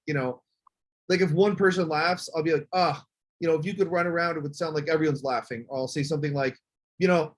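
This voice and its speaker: A man coaching speakers on a group call, telling stories in a casual way and acting out what people say. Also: fairly high pitch. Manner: animated storytelling, acts out quotes.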